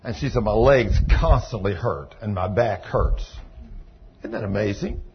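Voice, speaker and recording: A man preaching a sermon, telling healing stories in a folksy way that moves from hushed retelling to loud praise. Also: lowish voice, unhurried. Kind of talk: sermon storytelling. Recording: dull lo-fi recording with faint noise.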